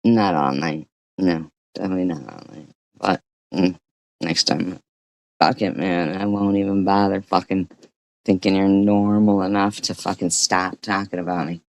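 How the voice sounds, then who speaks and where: A woman streaming an angry reaction, scolding and swearing in a profane rant, with frequent throat clearing. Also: rumbling low, fairly even intonation, normal speed, darkish tone, dry recording.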